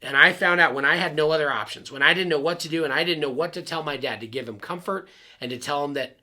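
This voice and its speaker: A man's voice: fairly high pitch, fast talker, bright, forceful tone. A man, a pastor, telling a personal story in an earnest, confiding way and speaking straight to his listeners. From Arizona.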